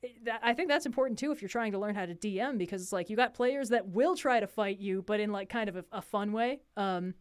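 Chatty young woman, smooth clear voice. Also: mid-range voice, quick pace, few pauses. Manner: chatty, laughs often, many fillers. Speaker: co-host. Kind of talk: casual livestream chat.

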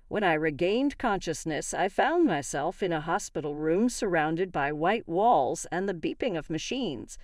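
A woman's voice: lowish voice, no room sound, clean studio sound. A young woman narrating her own story in the first person with earnest, dramatic storytelling.

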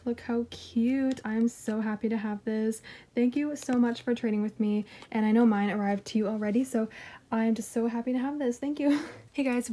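Brief: gushing woman vlogger, mellow tone, giggly and chatty as she unboxes. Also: a little high. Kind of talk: casual unboxing chat.

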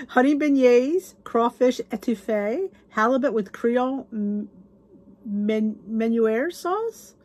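Reviewing a cookbook on her cooking channel, this woman speaks slowly in a fairly high, slightly mellow voice. Her tone is casual as she reads out recipe names and raves about the dishes, occasionally lowering to a whisper.

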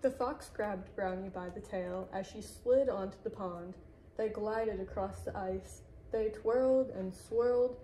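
In the manner of a librarian at storytime, a woman reads a children's picture book aloud without hurrying. Her medium-pitched voice is mellow, warm, gentle, and even, though the recording is rough with a little hiss or hum.

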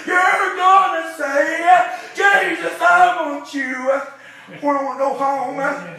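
A man preaching, chanting his sermon in bursts, with a sharp "uh" breath before each phrase. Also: very high-pitched, steady tone, takes it slowly, creaky. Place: church sanctuary. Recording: echoey church from far off.

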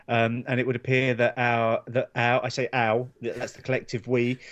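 A man's voice: mid-range voice, level tone, normal speed, fairly bright tone, lo-fi sound. A man co-hosts a laid-back beer podcast, chatting in a self-deprecating way. His voice sits in an ordinary middle range for a man. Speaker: podcast co-host. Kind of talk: casual chat.

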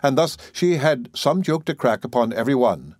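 A man's voice: medium pitch, big pitch swings, moderate pace, a little mellow, no echo, studio quality. A man narrating a fairy tale in a storytelling manner, reading aloud with brief voiced quotes.

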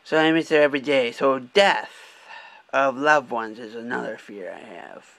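A young man talks straight into the camera from behind the wheel, loose and candid, with plenty of swearing and halting restarts. His voice sits at an ordinary middle pitch for a man. The sound is dry and close, with little room around it. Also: gravelly, fairly bright tone, dry recording. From Michigan. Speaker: vlogger. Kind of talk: casual rambling vlog. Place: car, driving.

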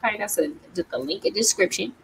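Animated woman ranting with laughs. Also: fairly high pitch, quick pace, vocal fry, a little hiss or hum, low-quality recording. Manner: animated, laughs often, exclamatory. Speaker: video creator reviewing movies. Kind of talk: casual ranting review vlog.

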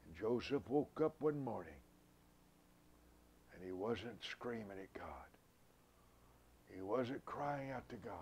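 A man preaching a sermon, swinging from loud outbursts to hushed whispers. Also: on the low side, expressive, slow pace, long pauses, slightly rough, muffled recording.

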